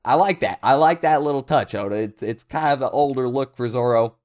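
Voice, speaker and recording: A man giving casual, excitable commentary as a comics reviewer. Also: medium pitch, brisk. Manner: excitable, animated, hyped. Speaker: manga reviewer.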